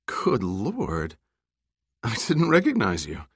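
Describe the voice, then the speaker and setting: A man's voice: lowish voice, wildly swooping pitch, takes it slowly, breathy edge, no room sound, exaggerated voice. A man voicing an adult woman TV journalist in an audiobook, speaking in a dry, slightly scornful way.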